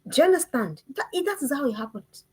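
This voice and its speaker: A woman teaching a parenting lesson, emphatic and animated, who repeats her phrases and keeps asking the listener questions. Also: high voice, quick pace, poor audio.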